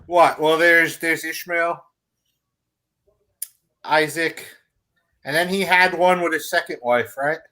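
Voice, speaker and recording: A man with a bright, tense, fairly high voice gives strong opinions in a casual chat. He leans hard on his points. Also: steady tone, slow, pauses often. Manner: opinionated, emphatic. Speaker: show panelist.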